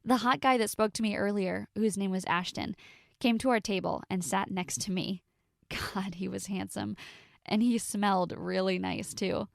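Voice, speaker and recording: A young woman tells her own story in a confessional way, pausing for drama. Her voice carries a steady gravelly fry. The sound is dry and close, with no room echo. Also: mid-range voice. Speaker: narrator. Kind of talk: first-person story narration.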